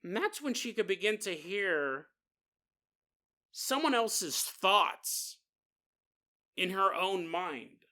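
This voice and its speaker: Bright-voiced man telling a spooky story. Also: high-pitched, very animated, slow pace, pauses often. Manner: jokey asides, casual, digressive. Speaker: podcast host. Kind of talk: comedic storytelling narration.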